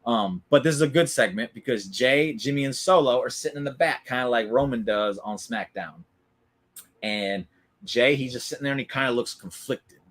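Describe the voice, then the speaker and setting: A man with a voice of ordinary pitch, hosting a live recap stream in a loose, conversational way. He argues his opinions with confidence and keeps breaking off to answer viewers in the chat by name. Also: moderate pace, fairly bright tone. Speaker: wrestling recap host. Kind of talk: casual live-stream commentary.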